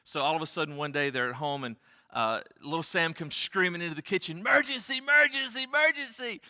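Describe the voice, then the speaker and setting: Speaking fast with a fairly high, pushed, bright yet smooth voice, a male pastor preaches earnestly in a church sanctuary and repeats key phrases to drive them home. Long church hall reverb is audible.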